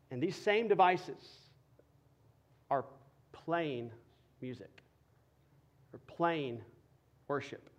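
A male pastor preaching a sermon, building from quiet explanation to loud, passionate emphasis. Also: a little high, muffled recording. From Texas.

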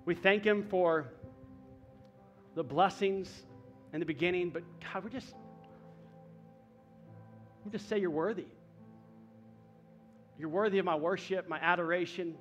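A man with a fairly high, light voice delivers a sermon. He preaches in a relaxed, conversational way, full of folksy asides, and often drops to a soft murmur before lifting again. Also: measured pace, pauses often, dull audio, faint music behind. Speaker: pastor.

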